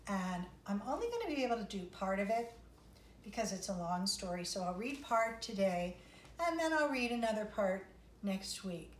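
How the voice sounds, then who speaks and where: A woman's voice: mid-range voice, very animated, moderate pace. A woman music teacher giving an online lesson to young children, encouraging and sing-song as she reads a story. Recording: roomy, distant mic, faint noise.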